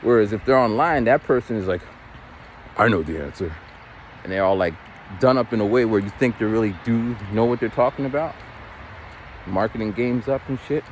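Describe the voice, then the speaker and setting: A man's voice: mid-range voice, a little fast, slight background noise. A man in his forties rambling casually while walking outdoors, loose and unpolished, swearing now and then. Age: 40s. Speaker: vlogger.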